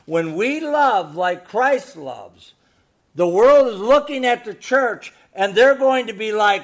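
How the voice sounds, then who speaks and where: A man preaching a sermon, moving between hushed storytelling and loud, emphatic exhortation full of rhetorical questions. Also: sits high, expressive, slow. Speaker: pastor.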